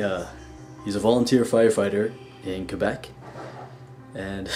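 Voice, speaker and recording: A man's voice: lowish voice, a little mellow. A young man in his twenties telling a personal story on his vlog in a dry, frank, wry way. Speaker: vlogger.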